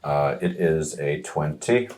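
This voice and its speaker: A man taking his turn in a tabletop game, his voice extremely deep and his talk very slow. He answers briefly and in a laid-back way over a faintly noisy line. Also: expressive. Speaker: player. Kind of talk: casual tabletop play.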